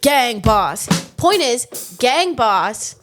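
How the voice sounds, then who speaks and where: A woman's voice: on the high side, very animated, very slow, over music. A woman co-hosting a podcast in casual chat, playful and fond of repeating a phrase for comic effect. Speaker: podcast co-host and producer.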